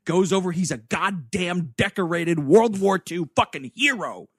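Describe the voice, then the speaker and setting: A man co-hosting a comedy movie review podcast, talking fast and profanely and slipping into put-on voices. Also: high voice, lively intonation, fairly bright tone, slightly rough, no echo, studio quality. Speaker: podcast co-host.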